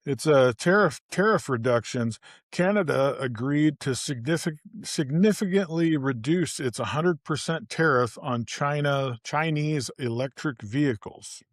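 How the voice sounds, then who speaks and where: A man's voice: fairly high pitch, unhurried, no echo, clean studio sound. A man co-hosting a podcast, explaining a news story point by point with figures in casual chat. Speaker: podcast co-host. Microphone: separate remote mic.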